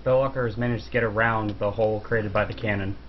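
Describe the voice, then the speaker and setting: A man giving steady, matter-of-fact commentary on a game tournament. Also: lowish voice, fast. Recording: lo-fi live stream with faint hiss.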